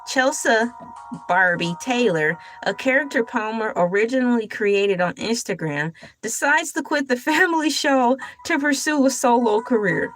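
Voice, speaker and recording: A woman's voice: a little high, expressive, moderate pace, faint music behind. A young adult woman hosting a casual livestream, chatty and laughing often as she talks to her chat. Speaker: livestream host.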